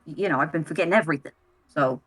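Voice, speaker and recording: A woman narrating as game master of a tabletop role-play, halting and full of fillers. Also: sits low, breathy edge.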